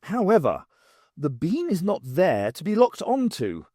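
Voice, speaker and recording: An irritable male time traveller, as read by an audiobook narrator, lecturing briskly with dry sarcasm and a lively, rising and falling delivery. The recording is dry and close. He sounds impatient at being questioned. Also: sits high, no room sound, voice pushed up, full character voice. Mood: sarcastic. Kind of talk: audiobook character voice.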